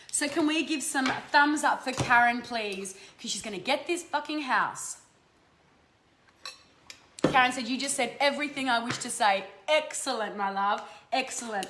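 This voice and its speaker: This fairly high, slightly bright voice belongs to an Australian woman doing energy readings on a live stream, affectionate and casual with viewers and free with her swearing. Faint background noise and a roomy echo come through.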